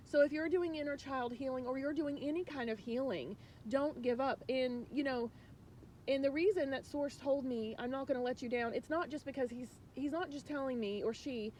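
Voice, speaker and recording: Earnest, rambling woman coach, fairly high voice. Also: moderate pace, darkish tone, slight background noise. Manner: earnest, rambling, many restarts; emotional, confiding. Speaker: spiritual life coach. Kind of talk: casual spiritual message to viewers.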